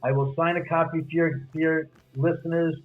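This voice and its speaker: A man's voice: a little high, flat delivery, fairly quick, faint music behind. A man, a guest author, animatedly telling a story and acting out the other person's lines. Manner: acts out quoted dialogue. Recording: tinny phone-line audio.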